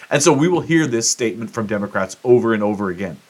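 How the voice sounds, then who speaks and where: A man's voice: fairly low pitch, expressive, fast, few pauses. A man hosting a solo podcast, ranting in a fired-up, profane way about sports and politics. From United States. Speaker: podcast host. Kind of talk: solo opinion monologue.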